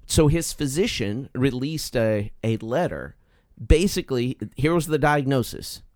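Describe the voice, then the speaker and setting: Folksy male talk radio co-host, animated, dry studio sound. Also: mid-range voice, measured pace, no room sound. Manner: emphatic, folksy, jokey storyteller. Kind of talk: political talk radio banter.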